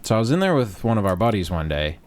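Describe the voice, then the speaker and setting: A man hosting a podcast, telling a story casually, with lots of swearing and sudden loud shouts when he acts out a scene. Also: on the low side, quick pace, a little hiss or hum. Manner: animated, profane, bursts into loud yelling when re-enacting. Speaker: podcast host.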